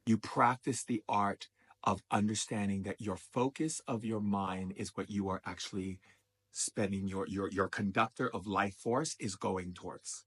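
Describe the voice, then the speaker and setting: A man's voice: fairly low pitch, measured pace, fairly bright tone, slightly rough. A man as a spiritual teacher giving an emphatic, repetitive motivational talk.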